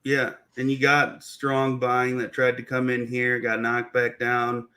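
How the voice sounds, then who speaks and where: A young man, a guest trader, calmly explaining stock charts in a casual, slangy way. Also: medium pitch, unhurried. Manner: relaxed, explains plainly with slang. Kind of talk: casual chart analysis on a livestream.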